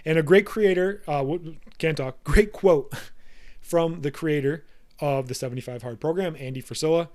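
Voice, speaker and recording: A man in his thirties hosting a podcast, giving a blunt, profane and forceful motivational monologue. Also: fairly high pitch, normal speed. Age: 30s. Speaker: podcast host.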